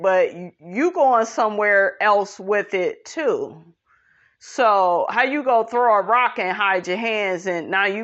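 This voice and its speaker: Blunt, sassy woman vlogger. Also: fairly bright tone. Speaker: commentary vlogger. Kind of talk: celebrity gossip commentary. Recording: dull low-fi audio.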